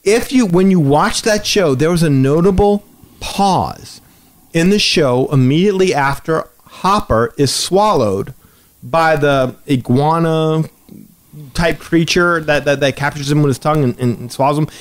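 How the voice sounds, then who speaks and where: Man, podcast host, casual storytelling, animated, a bit high-pitched. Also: measured pace. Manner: animated storyteller, acts out quotes.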